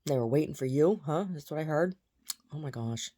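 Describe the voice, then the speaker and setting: A woman rants straight to camera in a low, deep voice. Her talk is blunt and heated, full of swearing and repeated outrage. It sounds like a casual home vlog. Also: lively intonation, fairly quick, warm tone. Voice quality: blunt, profane, agitated. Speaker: vlogger.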